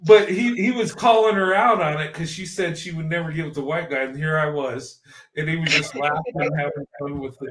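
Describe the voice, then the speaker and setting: A man, a guest, telling a story in a casual, animated way and laughing often. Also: on the high side, brisk, echoey room, a little hiss or hum.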